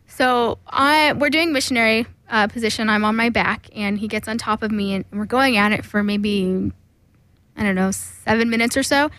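A woman's voice: a little high, normal speed, fairly bright tone, no echo. A young woman telling a candid personal story on a podcast, frank and laughing often, with plenty of fillers.

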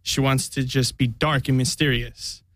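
A man's voice: mid-range voice, fairly even intonation, moderate pace, a bit bright, no echo. A young man chatting as a podcast guest, telling a long rambling story and acting out what people said. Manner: rambling storyteller, acts out quotes. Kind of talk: casual chat.

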